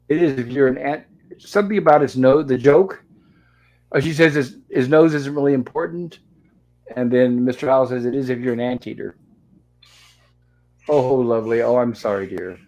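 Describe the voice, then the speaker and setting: A man hosts a casual online show, chatting through a recap of an old sitcom episode and reading the characters' lines aloud as he tells the story. His voice is mid-range with a darkish tone. The audio quality is poor.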